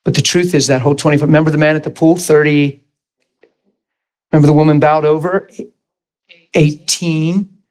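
A man preaching a sermon, telling a healing story with lively acted-out quotes. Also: moderate pace, long pauses. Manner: animated storytelling, acts out quotes in high excited voice.

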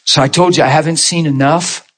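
A man preaching a sermon, telling stories in an animated way and jumping up in pitch when he acts them out. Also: a little fast. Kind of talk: storytelling sermon.

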